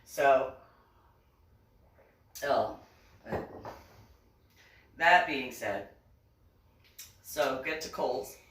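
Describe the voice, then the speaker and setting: A woman's voice: extremely low pitch, fairly bright tone, slight background noise. A woman from New Jersey telling a story in a casual vlog, chatty, often laughing and acting out what people said. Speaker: vlogger. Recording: roomy sound, distant mic.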